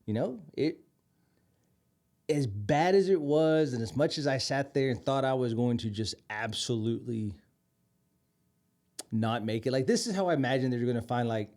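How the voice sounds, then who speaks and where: A man's voice: medium pitch, expressive, moderate pace, long pauses, darkish tone. Casual male podcast co-host, rambling storyteller, heavy fillers. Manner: rambling, many fillers and restarts.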